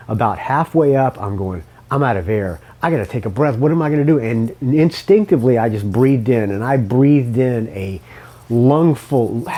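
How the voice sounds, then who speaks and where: A man's voice: mid-range voice, a little mellow. A man hosting a podcast, telling a story casually, rambling and swearing, with a lingering cough. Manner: rambling, swearing, self-correcting. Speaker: podcast host.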